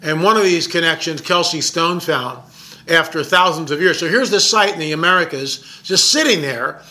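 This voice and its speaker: A man who makes documentaries, telling a story in an excited, emphatic way and often repeating his words. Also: on the high side, normal speed. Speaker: documentary filmmaker. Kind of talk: casual storytelling monologue.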